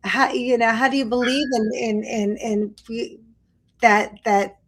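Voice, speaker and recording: A woman's voice: a little high, steady tone, unhurried. A woman hosting a podcast interview, asking earnest, searching questions. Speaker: podcast host.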